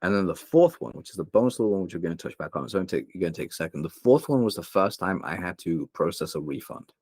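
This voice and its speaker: Deep-voiced young man telling a raw story. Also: animated, quick pace, a little mellow, dry recording, studio quality. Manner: open, emotional, rambling with many fillers. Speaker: podcast guest, copywriter. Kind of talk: candid interview storytelling.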